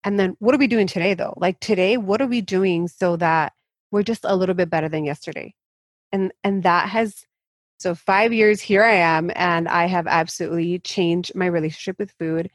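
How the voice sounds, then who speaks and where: A woman fitness coach speaks as a guest in an interview, frank and emphatic, often pushing ahead in quick rushes. Her voice sits on the low side for a woman. The recording is dry, with almost no room sound. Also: no echo. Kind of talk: candid interview talk.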